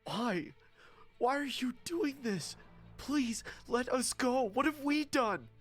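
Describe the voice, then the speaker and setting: A man's voice: extremely high pitch, animated, slow pace, faint music behind, pitched above the performer's own voice, exaggerated voice. A man voicing a terrified young woman held captive, screaming and pleading.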